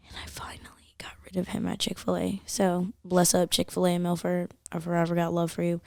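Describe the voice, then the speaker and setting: Young woman on a podcast, lots of "like", a bit low, dry close sound. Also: fairly quick, creaky, no echo. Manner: animated, says "like" a lot. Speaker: podcast guest. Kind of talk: casual storytelling chat.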